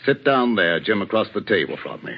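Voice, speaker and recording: Worried older vicar, earnest, expressive, dull hissy recording. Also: male voice, on the low side, brisk. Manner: anxious, earnest, fatherly. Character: worried older village vicar, kindly but sharp. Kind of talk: 1940s radio acting. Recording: dull old radio recording with faint hiss.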